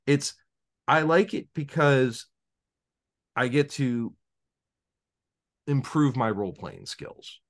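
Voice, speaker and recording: Speaking slowly with long pauses, this man has a medium-pitched voice. He's a game master on a podcast, chatting casually, rambling through stories with frequent restarts and animatedly voicing the people he quotes.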